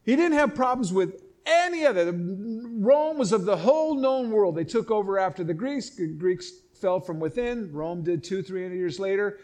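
Impassioned middle-aged male pastor, high voice, emphatic sermon delivery. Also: lively intonation, normal speed, few pauses, a little mellow. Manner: emphatic, impassioned preaching with repeated restarts. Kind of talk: sermon, reading and explaining scripture.

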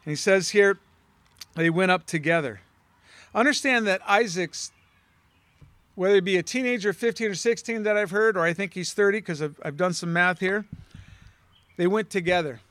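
Male Bible teacher with a conversational style who asks the listeners questions, higher voice, dry sound. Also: normal speed, long pauses, a bit bright, dry recording.

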